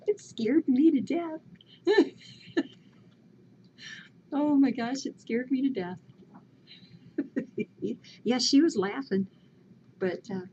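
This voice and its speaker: A woman's voice: medium pitch, darkish tone, slight background noise. A woman animatedly retelling a story in casual chat, laughing often. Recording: lo-fi home video with faint ambience.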